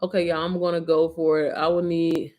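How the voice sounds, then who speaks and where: A woman's voice: deep voice, level tone, brisk, a little mellow. A woman chatting on a livestream from her phone, rambling, emotional and swearing freely. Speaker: live streamer. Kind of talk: casual livestream chat.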